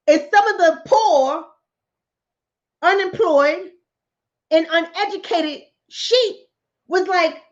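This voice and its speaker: A woman hosting her channel, telling a political fable and acting out each character's lines in a lively storytelling manner. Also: very high-pitched, normal speed, highs cut off. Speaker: channel host, relationship coach. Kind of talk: political commentary told as a fable.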